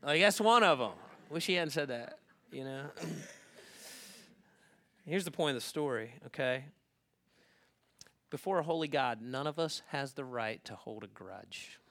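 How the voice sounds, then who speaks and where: Man, pastor preaching a sermon, bright ringing tone, conversational, swings from hushed to emphatic. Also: medium pitch, unhurried, pauses often. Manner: animated, swings between hushed asides and loud emphatic bursts; conversational, checks in often with "right?" and "okay?".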